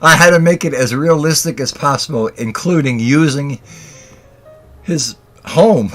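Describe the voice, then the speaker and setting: A man's voice: a little high, a little slow, fairly bright tone. Giggly man hosting a casual livestream. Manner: giggling constantly, breaking into laughter mid-sentence. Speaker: livestream host.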